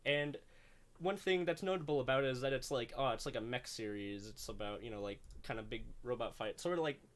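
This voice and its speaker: A young man hosts a casual chat in a mid-range voice, speaking fairly quickly. He rambles, leaning on lots of "like" fillers and the occasional curse.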